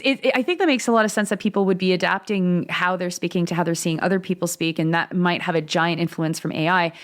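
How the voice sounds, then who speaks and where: Lower-pitched woman cohosting a chatty podcast, thinks out loud in long winding sentences. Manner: thoughtful, musing, builds long reflective sentences. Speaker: podcast co-host. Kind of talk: casual conversational podcast chat.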